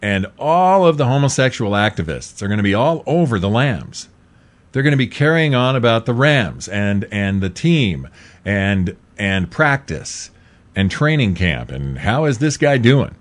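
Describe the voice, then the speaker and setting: A middle-aged male host with a fairly low voice that keeps leaping up and down in pitch. He talks in an emphatic, repetitive way. His opinionated monologue swings between loud outbursts and muttered asides. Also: big pitch swings, a little slow. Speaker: talk show host.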